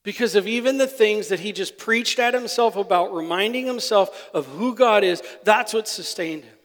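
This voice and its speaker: A male pastor preaching a sermon. He moves between quiet, confiding asides and loud, emphatic declarations. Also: high-pitched, moderate pace. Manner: impassioned, swings from soft asides to loud declarations. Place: church sanctuary. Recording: long hall reverb.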